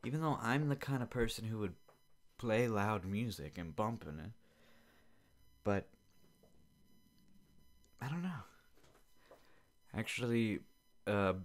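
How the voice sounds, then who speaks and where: A man's voice: medium pitch, normal speed. A young man hosting a podcast from his basement, rambling and swearing through an irritated casual rant. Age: young adult. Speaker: podcast host. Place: home basement.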